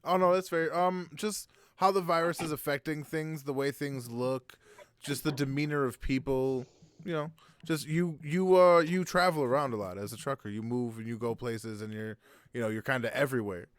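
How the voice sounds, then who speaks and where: A man hosting a casual group voice chat, loud and joking, asking the others questions. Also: medium pitch, moderate pace, clean tone, no room sound, studio quality.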